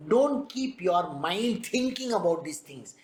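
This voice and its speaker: A woman giving a spiritual discourse as a teacher, lively and questioning, often asking her listeners rhetorical questions. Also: on the low side, slow. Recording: roomy echo.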